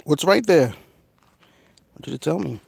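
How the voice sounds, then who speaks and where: A man's voice: lively intonation, unhurried, gravelly, husky, no room sound. Casual gardening vlogger, young man, rambling and easygoing, recorded outdoors on a phone. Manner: chatty, rambling, talks to his cats in a high coaxing voice. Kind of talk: casual vlog talk while gardening. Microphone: phone camera.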